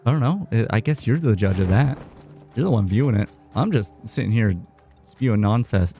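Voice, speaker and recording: A man streaming a game live, chatting casually in a rambling, halting way. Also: lowish voice, expressive, mellow, faint music behind. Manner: rambling, halting, with many restarts and fillers.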